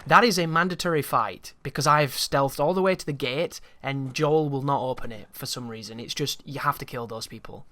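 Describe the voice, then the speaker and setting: A man's voice: mid-range voice, brisk, few pauses, bright, forceful tone. Rambling man commentating gameplay. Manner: rambling, opinionated, swears freely.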